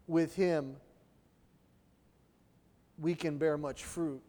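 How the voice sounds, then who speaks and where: A man's voice: high voice, moderate pace, a little mellow. A middle-aged man preaching a sermon in a conversational style, often checking in with his listeners with "right?". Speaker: pastor. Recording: long hall reverb.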